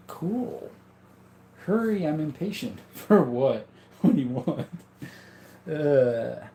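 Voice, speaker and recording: A man's voice: mid-range voice, mellow, roomy sound, slight background noise. A man hosting a casual livestream, rambling and chuckling as he reads out and answers chat comments. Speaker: livestream host.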